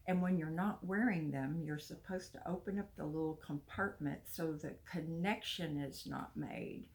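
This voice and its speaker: A woman's voice: low voice, creaky, a little mellow. A chatty older woman, talking casually to her viewers and laughing now and then. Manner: chatty, confiding, laughs often. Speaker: vlogger. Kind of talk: casual talk to camera.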